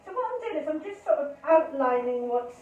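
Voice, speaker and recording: A chatty woman leads a live painting class, talking through every stroke as she works. Her voice is high but mellow. The room sounds echoey, with a faint hiss behind her. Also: animated, fairly quick, muffled recording. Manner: chatty, cheerful, talks through each brush stroke. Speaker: art teacher leading a paint-along. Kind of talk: live online painting lesson.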